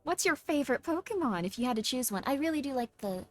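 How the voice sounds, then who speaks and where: Lively bubbly woman streamer. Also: sits high, fast, soft background music. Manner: bubbly, excitable, playful. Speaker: streamer host. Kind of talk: casual stream chat.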